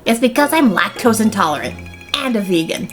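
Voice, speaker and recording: A woman's voice: mid-range voice, lively intonation, fairly quick, soft background music, lightly acted. A woman voicing a poor, scrappy young man who answers back in a whiny, defensive way.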